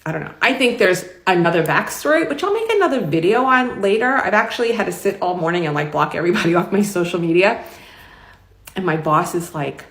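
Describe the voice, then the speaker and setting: A woman's voice: fairly low pitch, expressive, a little fast, fairly bright tone. Chatty middle-aged New York woman. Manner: chatty, rambling, emphatic. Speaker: vlogger. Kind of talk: casual storytelling to camera. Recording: roomy echo.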